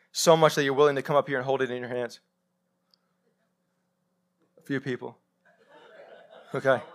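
A man, preaching a live sermon and telling stories directly to his congregation. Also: a little high. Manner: animated storytelling, addresses congregation directly. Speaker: pastor. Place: church sanctuary.

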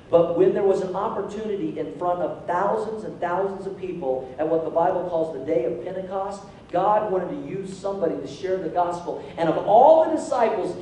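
A male pastor preaching a sermon in a church, animated, calling out to the congregation for responses. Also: high-pitched, slight background noise. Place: church sanctuary. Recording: echoey hall from far off.

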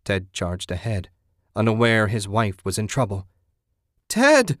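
A man reading a horror story aloud in a steady, grim voice. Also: lowish voice, normal speed, dry recording, clean studio sound.

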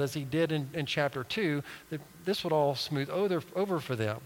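Man, sermon, storytelling with quotes, fairly high voice, long hall reverb. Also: animated, brisk, hardly any pauses. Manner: storytelling with acted-out quotes and restarts. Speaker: preacher.

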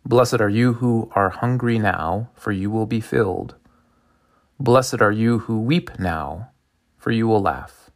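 Jesus addressing the crowd in a low, gravelly, solemn voice, blessings and woes, read by a man in a sermon, from scripture. The voice stays plain and unhurried.

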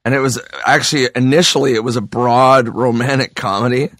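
This man has a medium-pitched, fairly bright voice with fairly even intonation, and he talks fairly quickly. A hungover comedian guest on a casual podcast interview, he tells loose, profane stories, often restarting them. The sound is clean studio audio with no echo.

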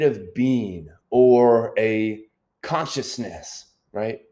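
A man's voice: on the low side, takes it slowly, warm tone. A man hosting a motivational self-help podcast, speaking earnestly, repeating key points and checking in with the listener. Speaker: podcast host.

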